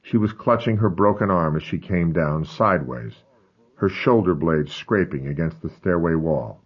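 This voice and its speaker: A man's voice: low-pitched, expressive, moderate pace, husky. A man narrating a first-person memoir with grave, intense storytelling, on a dull lo-fi recording. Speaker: audiobook narrator.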